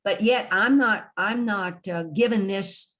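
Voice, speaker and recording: A woman's voice: medium pitch, unhurried, a bit bright. A woman leading an online study group on a video call, chatty and encouraging, laughing often. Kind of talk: casual online group discussion.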